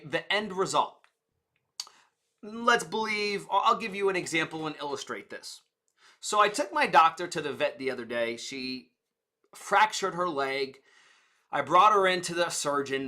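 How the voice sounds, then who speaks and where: Guy coaching on sales and persuasion, tells stories to make the point, kinda high bright voice. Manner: conversational, explains with stories and examples. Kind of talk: teaching talk to camera.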